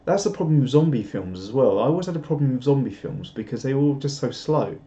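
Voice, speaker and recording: A man's voice: medium pitch, lively intonation, fast, mellow. A man chatting casually on a live stream, rambling and self-deprecating as he reads out viewer comments. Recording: dull lo-fi stream audio.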